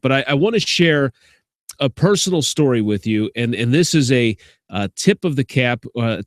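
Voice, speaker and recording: A man's voice: medium pitch, dry recording, studio quality. Chatty man with a Chicago accent. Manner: chatty, repeats words and restarts, many fillers. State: short on sleep. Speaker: sports commentator. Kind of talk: casual talk to camera.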